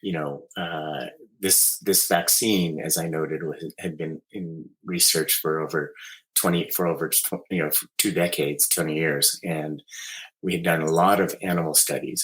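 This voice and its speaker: A man, a company executive guest in a podcast interview, speaking in a measured way and correcting himself as he goes. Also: a bass voice, a bit bright, poor audio.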